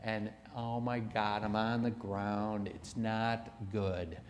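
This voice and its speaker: A man telling a story as a motivational speaker at a conference, emphatic and animated, dropping from loud to hushed. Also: fairly low pitch, slow, a little hiss or hum. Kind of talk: storytelling keynote speech. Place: conference hall. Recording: long hall reverb.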